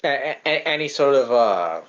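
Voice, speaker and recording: A male podcast co-host with a medium-pitched, slightly bright, expressive voice chats casually about a film at normal speed. He rambles, restarting with stammers and swearing casually, and the audio has its highs cut off.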